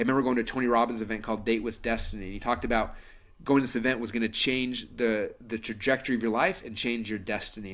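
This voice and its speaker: A man hosting a webinar, making an earnest sales pitch with lots of fillers. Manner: fast, earnest, persuasive, many fillers. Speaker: webinar host pitching a course.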